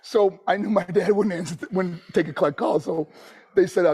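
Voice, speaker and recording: Animated podcast guest telling stories; high, husky man's voice. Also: fairly quick. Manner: animated, laughs a lot, acts out voices. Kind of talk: anecdote storytelling on a podcast.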